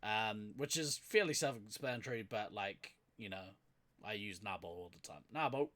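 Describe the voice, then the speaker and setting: A man's voice: lowish voice, normal speed, sharp tone. A man from New Zealand with a Kiwi accent, co-hosting a podcast in casual chat, laughing often and using lots of fillers. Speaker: podcast co-host.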